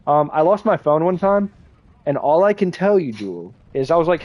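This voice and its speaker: A young man chats his way through a livestream, wandering from one story to the next with easy, offhand swearing. His voice sits a little higher than most men's, and the mic sounds close and dry with no room echo. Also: expressive, brisk, lo-fi sound. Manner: rambling storyteller, swears casually. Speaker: streamer. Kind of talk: casual livestream chat while gaming.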